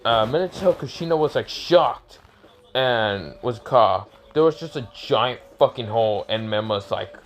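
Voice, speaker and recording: A man's voice: medium pitch, animated, unhurried. A young man casually telling an improvised fan story, rambling and correcting himself with many fillers.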